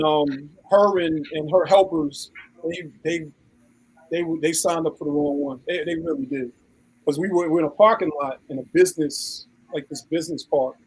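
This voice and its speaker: A man's voice: on the high side, husky, rough recording. A man, telling a story in casual chat and acting out the people in it. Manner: animated, acts out quoted voices. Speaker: podcast co-host.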